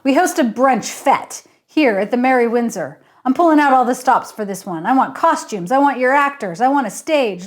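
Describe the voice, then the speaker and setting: A woman's voice: high voice, pitched above the performer's own voice. A woman reading aloud and voicing a pushy, boastful middle-aged male hotel owner who bellows orders. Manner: loud, bossy, bellowing. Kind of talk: audiobook character reading.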